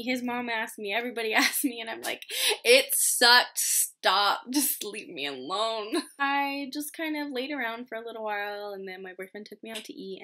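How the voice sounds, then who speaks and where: A woman's voice: on the high side, bright, forceful tone. A woman in her twenties, a medical student, telling a story casually to the camera in a chatty way full of fillers and self-mocking remarks. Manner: chatty, filler-heavy, self-deprecating with frequent laughs. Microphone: camera mic, home recording.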